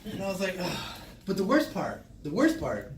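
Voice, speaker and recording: A male stand-up comedian telling a crude, profane story, acting out his own reactions in loud bursts. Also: high voice, huge pitch swings, brisk, echoey room, distant mic, a little hiss or hum, low-quality recording. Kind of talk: stand-up set. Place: small comedy club stage. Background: audience laughter.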